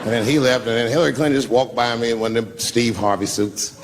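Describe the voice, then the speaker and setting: A man telling a profane, animated stand-up story and acting out the people in it. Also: mid-range voice, quick pace, long reverb tail, heavy background noise. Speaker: stand-up comedian.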